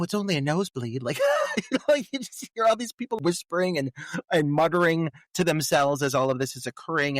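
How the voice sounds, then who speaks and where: A man's voice: fairly high pitch, fairly bright tone, dry recording. A man co-hosting a podcast who talks about a film with enthusiastic, laugh-filled remarks and many fillers. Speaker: podcast co-host. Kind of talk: casual film discussion.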